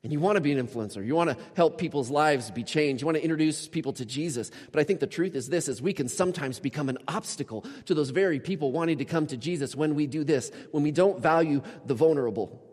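A man preaching a sermon as a pastor, storytelling with animated shifts and acting out the people he quotes. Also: a little high, fast, hardly any pauses, husky. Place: church. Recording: church hall with long reverb.

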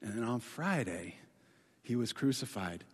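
A man preaching a sermon in a casual, conversational way, telling the story dramatically and swinging from excited to hushed. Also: medium pitch, measured pace, husky. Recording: long hall reverb.

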